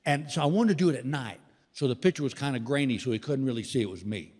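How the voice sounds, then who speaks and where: A man's voice: mid-range voice, fast, a little mellow. A man doing stand-up comedy, telling a folksy story with chuckles, recorded live in a theater. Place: large theater stage. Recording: live theater reverb with audience noise.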